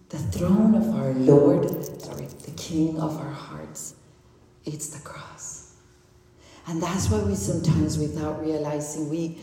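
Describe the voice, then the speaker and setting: Woman, consecrated speaker, low and mellow voice, animated storyteller, in a reverberant hall. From Mexico. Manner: animated storytelling, acts out dialogue, laughs often. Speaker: consecrated speaker giving a spiritual talk. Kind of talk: testimony and faith talk. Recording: echoey hall with long reverb.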